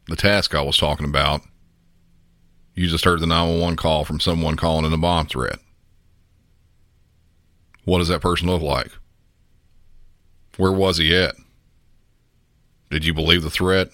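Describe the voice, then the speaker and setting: A man from the Southern United States hosting a podcast, talking in a measured, instructive way and putting questions to the listener. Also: extremely low pitch, sharp tone, no echo, clean studio sound. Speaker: podcast host.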